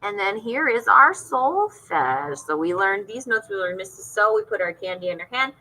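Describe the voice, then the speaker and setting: A woman music teacher with a bright, clear tone talks young students through an online assignment. She is patient and explains each step in turn. She sounds like she is recording at her computer. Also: medium pitch, very animated, normal speed, poor audio.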